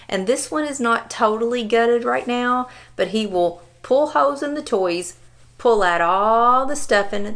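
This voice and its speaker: A woman's voice: fairly high pitch, a bit bright. Chatty woman vlogger. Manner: affectionate, chatty, talks to her dog. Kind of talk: casual vlog narration about her dog.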